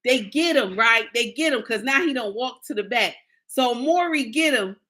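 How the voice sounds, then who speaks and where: A woman's voice: a little high, animated, a little slow, a bit bright. A woman, ranting in a sassy, indignant casual monologue to her viewers and acting out the people she quotes. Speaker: commentator.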